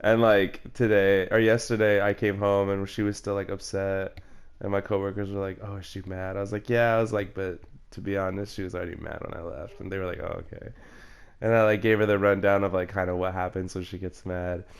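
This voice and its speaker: Smooth-voiced young man rambling in game chat. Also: deep voice, flat delivery, fairly quick. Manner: rambling storytelling, swearing, calls friend bro. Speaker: player chatting with a friend. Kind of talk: casual chat during a game.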